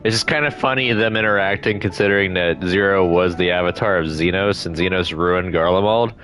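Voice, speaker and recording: A man's voice: low-pitched, a little fast, a bit bright. A young man chatting casually while playing a game, rambling in asides and reading the characters' lines aloud. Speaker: streamer.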